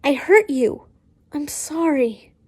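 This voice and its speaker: A woman's voice: high voice, lively intonation, takes it slowly. A woman voicing a remorseful, brooding older male wizard who stumbles over his words. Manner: hesitant, with restarts.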